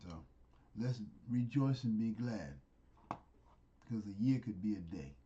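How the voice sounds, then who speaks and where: Loose, drawling preacher man, mellow tone. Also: fairly low pitch, lively intonation, slow, muffled recording. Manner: loose, conversational, repetitive, with sudden whispers and rising exclamations. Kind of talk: informal street sermon.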